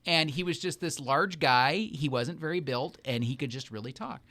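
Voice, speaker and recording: A man's voice: fairly high pitch, moderate pace, bright, forceful tone. A man co-hosting a casual wine-tasting chat, playful and jokey, repeating catchphrases. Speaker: radio host.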